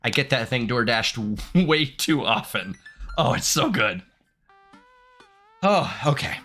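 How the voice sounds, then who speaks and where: Man in his thirties, gaming commentary, bright voice, very lively pitch, laughs a lot. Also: slow, soft background music. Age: 30s. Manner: animated, laughs often, rambles candidly. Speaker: gaming streamer. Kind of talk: let's play commentary, reading game text aloud.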